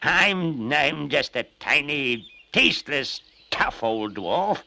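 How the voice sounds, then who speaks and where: A man voicing a tiny, tough old dwarf who begs in a squeaky, wheedling way. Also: expressive, slow, gravelly, bright, forceful tone, slight background noise, heavily acted. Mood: pleading.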